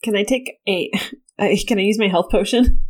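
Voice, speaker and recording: A woman's voice: mid-range voice, normal speed. A woman playing a tabletop game, giggly and flustered, crying out her character's lines. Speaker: player. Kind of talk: tabletop role-play.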